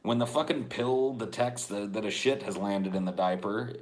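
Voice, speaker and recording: A man co-hosting a podcast, rambling through a profane, deadpan rant in casual chat. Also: fairly low pitch, moderate pace. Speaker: podcast co-host.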